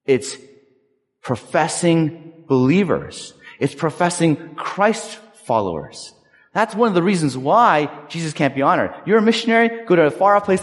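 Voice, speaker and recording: Animated male pastor preaching in a hall. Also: fairly high pitch. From Southern California. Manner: animated, conversational preaching with personal stories. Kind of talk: sermon. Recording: long reverb of a large hall.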